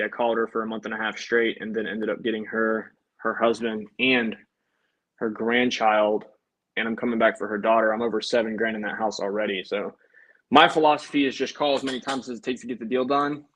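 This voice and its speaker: On a low-quality recording, a young man with a medium, slightly bright voice works as an insurance sales agent while livestreaming. Chatty and upbeat, he talks with viewers in between calling up prospects.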